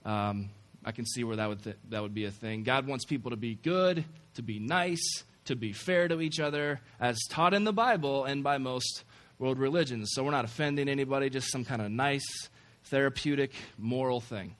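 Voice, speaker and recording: A man's voice: mid-range voice, normal speed, few pauses, fairly bright tone. A man giving a casual, joking sermon to a campus group after an opening prayer. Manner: conversational and joking, self-deprecating asides. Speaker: campus ministry speaker.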